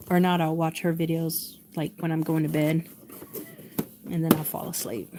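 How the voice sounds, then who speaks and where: A woman's voice: low voice, flat delivery, a little slow. A woman talking casually to herself while she sews, chatty and laughing often. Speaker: quilting vlogger. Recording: sewing machine noise behind.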